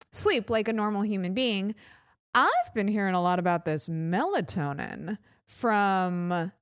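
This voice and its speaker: A woman's voice: mid-range voice, clear, resonant tone, no echo, studio quality. A woman co-hosting a podcast, telling a long candid story in a rambling, casual way. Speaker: podcast co-host. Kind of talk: casual chat.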